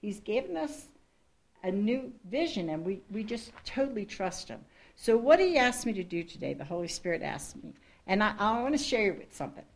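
A woman's voice: mid-range voice, big pitch swings, normal speed, gravelly. A woman missionary speaks to a congregation in her own words. She tells her testimony in an earnest, rambling way. She often breaks off and restarts sentences, and laughs at herself now and then. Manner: rambling, with frequent restarts and asides.

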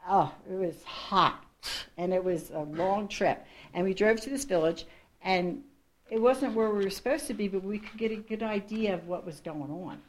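A woman missionary with a medium-pitched voice speaks at normal speed, telling a congregation her testimony in her own words. She's earnest but rambling, often breaking off to restart sentences, adding asides and laughing at herself now and then. A little hiss or hum is audible.

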